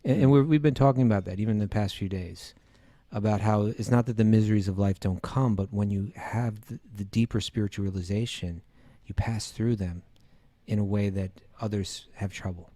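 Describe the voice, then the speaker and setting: A man with a low, mellow voice explains scripture in relaxed podcast talk. He often restarts his sentences as he works through his point. The recording is dry and close. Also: a little fast, no room sound. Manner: explains patiently, with many restarts and "you know". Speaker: teacher and co-host.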